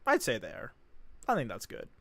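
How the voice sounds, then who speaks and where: A man's voice: medium pitch, huge pitch swings, normal speed, gravelly, bright, forceful tone, no room sound. A young man casually reacting on a live stream, rambling and enthusiastic, repeating himself.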